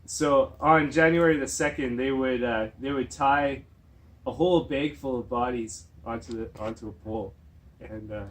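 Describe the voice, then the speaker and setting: Male gamer, mid pitch, rambling mock-serious commentary with lots of hesitation. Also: normal speed, a bit bright. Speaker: speedrun player. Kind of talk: comedy gaming commentary.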